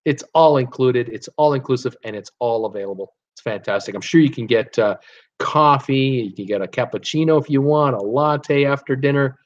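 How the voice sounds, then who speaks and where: A man's voice: mid-range voice, normal speed. Chatty man reading live chat. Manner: chatty, reads viewer comments aloud with many fillers. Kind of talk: casual live-stream chat. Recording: dull lo-fi stream audio.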